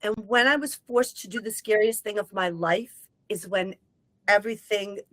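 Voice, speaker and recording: A woman, a medium, telling a personal story in casual conversation, emotional and animated, breaking into short sung lines. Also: medium pitch, normal speed, no echo, low-quality recording. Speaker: guest medium.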